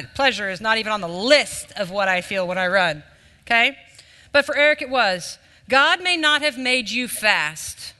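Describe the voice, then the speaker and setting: Bright high-voiced man preaching in a hall. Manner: conversational and self-deprecating. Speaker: speaker leading a devotional. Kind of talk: informal sermon to a live room. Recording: reverberant hall.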